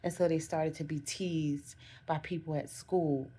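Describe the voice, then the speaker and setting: A woman vlogger speaks in a relaxed, conversational way, sharing reflective self-help thoughts. Her voice sits a little low and sounds warm and mellow. She keeps circling back with "again" and "you know" and corrects herself mid-sentence. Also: measured pace, slightly rough.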